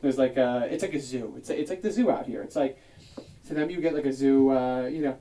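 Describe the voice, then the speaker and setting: Fast-talking self-mocking comic man. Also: mid-range voice, distant mic. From South New Jersey. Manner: animated, self-deprecating, acts out other people. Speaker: stand-up comedian. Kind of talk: stand-up comedy set.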